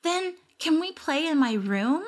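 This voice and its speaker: Storybook kid: woman voicing a cheerful six-year-old girl, high sing-song voice. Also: expressive, measured pace. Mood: eager.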